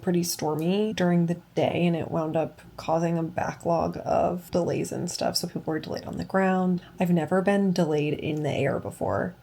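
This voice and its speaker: A woman's voice: lowish voice, gravelly, a little mellow, slight background noise. A young woman vlogging casually to her phone, chatty and full of "like.". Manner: chatty, peppered with "like". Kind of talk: casual travel vlog chat.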